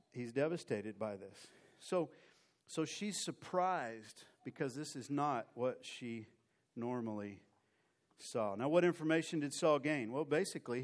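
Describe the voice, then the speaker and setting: A man preaching a sermon in church, folksy and conversational, often repeating words as he goes. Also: medium pitch. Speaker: pastor.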